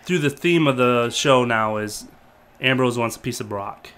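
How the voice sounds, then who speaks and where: A man's voice: mid-range voice, normal speed, a bit bright, clear, resonant tone. Rambling man reviewing a show. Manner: rambling, hesitant with many fillers. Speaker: podcast co-host. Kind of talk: casual review chat.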